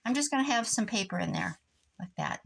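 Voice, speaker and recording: Husky with vocal fry, her medium-pitched voice moves fairly quickly as she spins a meandering family tale. The woman, a crafting vlogger in her 60s from Iowa, USA, works on a project at her home craft desk and breaks off for remarks about the craft.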